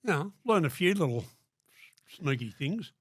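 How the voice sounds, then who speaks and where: A man's voice: fairly high pitch, very animated, moderate pace, a bit bright, breathy edge, no echo, clean studio sound. An older Australian man telling blunt, profanity-laden stories in a casual interview, acting out what people said. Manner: blunt, swears constantly, acts out quotes. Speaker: guest.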